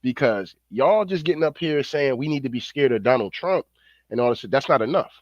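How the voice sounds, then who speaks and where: A man's voice: mid-range voice, lively intonation, fairly quick, no echo, highs cut off. A man doing profane reaction commentary, slangy, rambling and fired-up. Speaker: online commentator.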